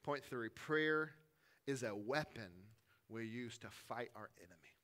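Bright-voiced man preaching a sermon. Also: medium pitch, animated, measured pace. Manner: conversational, emphatic preaching, swinging between forceful and hushed. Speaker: pastor.

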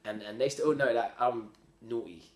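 A man telling his story as a podcast guest in a slangy, rambling, animated way. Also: medium pitch, brisk. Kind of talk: casual storytelling. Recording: roomy echo.

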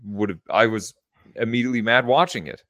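A man's voice: on the low side, fairly quick, a bit bright, no echo. A young man co-hosting a podcast, blunt and casual, saying "dude" and "freaking" often. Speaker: podcast co-host. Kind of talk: casual chat.

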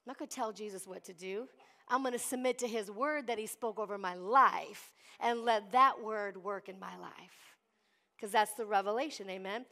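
A woman's voice: mid-range voice, normal speed, pushed and bright. A middle-aged woman pastor preaching a sermon, calling out to the congregation and acting out voices from the story. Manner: preachy call-and-response, acts out Bible voices.

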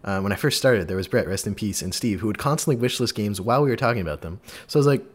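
Man in his twenties, podcast host, casual chat, animated, jokey, fairly low voice. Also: rapid-fire, hardly any pauses. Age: 20s.

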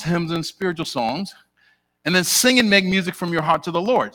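Man, middle-aged, preacher, sermon, conversational, fairly high voice, bright tone. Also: fast. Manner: animated, conversational, talks directly with the congregation. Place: church before a congregation.

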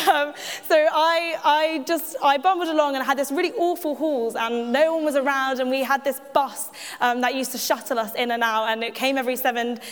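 A woman giving a personal testimony at church, chatty and self-mocking, with frequent laughs and asides to the audience. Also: a little high. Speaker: church speaker. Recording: echoey hall.

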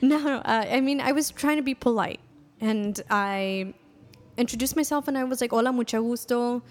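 A woman's voice: sits high, moderate pace. A young adult woman from a Salvadoran American background, co-hosting a podcast in casual chat, talking freely with many fillers and restarts. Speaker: podcast co-host.

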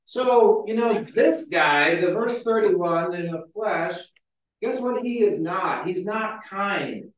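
A man's voice: high-pitched, animated, slow pace. Chatty preacher man in echoey hall. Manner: chatty, storytelling, frequent "like" fillers. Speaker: pastor. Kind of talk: casual conversational sermon. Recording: very echoey hall, mic far off.

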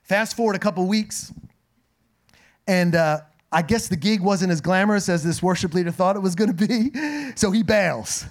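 A middle-aged man with a slightly raspy voice, preaching a conversational sermon full of humorous asides and personal stories. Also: high-pitched, normal speed. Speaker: pastor. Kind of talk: sermon with storytelling.

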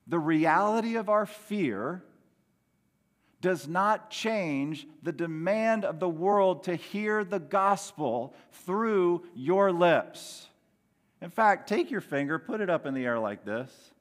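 A middle-aged man delivers a sermon in a fairly high voice, taking his time over every phrase. He preaches earnestly, dropping soft and then rising loud for emphasis. His voice rings with the long reverb of a large hall. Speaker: pastor.

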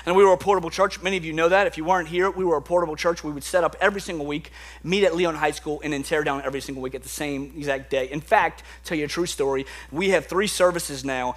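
A young adult male pastor preaching a sermon in a church, conversational and animated, swinging from loud excitement to quiet intensity. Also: a little high, quick pace. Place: church sanctuary.

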